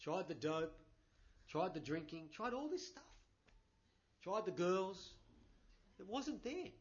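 A man's voice: high voice, expressive, takes it slowly. A man preaching a conversational sermon, with lots of 'you know' and emphatic bursts. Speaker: pastor. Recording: dull lo-fi recording.

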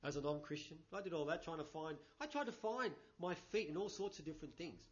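A man's voice: fairly high pitch, fast. A man preaching a conversational sermon, with lots of 'you know' and emphatic bursts. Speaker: pastor. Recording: dull lo-fi recording.

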